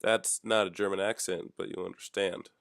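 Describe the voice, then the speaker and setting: A young man hosting a solo talk show, rambling through offhand, deadpan, jokey musings. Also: low-pitched, normal speed, dry recording, studio quality. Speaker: podcast host.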